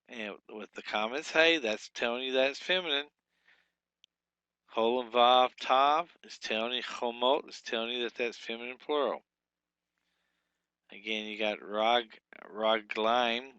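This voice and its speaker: A man teaching a language lesson, speaking haltingly with many fillers and restarts. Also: mid-range voice, bright, forceful tone, no echo, highs cut off. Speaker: Hebrew teacher. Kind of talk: lecture with slides.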